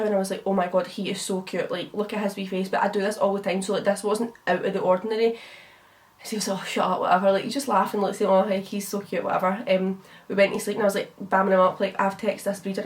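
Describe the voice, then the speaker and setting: Fast-talking chatty Scottish woman. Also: medium pitch, far from the mic. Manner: chatty, swearing, lots of fillers. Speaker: beauty vlogger. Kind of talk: casual storytelling while doing makeup.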